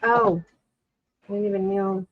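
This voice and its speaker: A woman's voice: medium pitch, fairly even intonation, measured pace, lo-fi sound, a little hiss or hum. Chatty woman crafting on a livestream. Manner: chatty, rambling, self-interrupting. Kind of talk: casual livestream chat while crafting.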